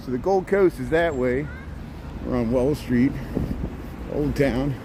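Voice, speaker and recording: A man's voice: mid-range voice, takes it slowly, long pauses. A man in his forties from Indiana with a Midwestern accent hosts a walking livestream on a city street. He talks in a folksy, rambling way, filling his sentences with "here" and "there.". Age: 40s. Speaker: livestream host. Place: outdoors on a city street in light rain. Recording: street noise behind.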